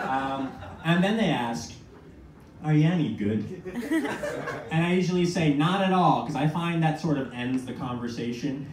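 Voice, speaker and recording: A young man in his twenties performing a stand-up comedy set, telling self-mocking stories with quick asides. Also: mid-range voice. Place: small comedy venue with audience. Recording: echoey room from a far mic, noisy.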